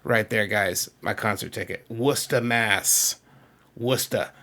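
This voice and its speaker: In this casual video chat, a Massachusetts man walks through his CDs, talking eagerly and poking a little fun at himself. He speaks unhurriedly in a fairly low, bright voice with a forceful tone.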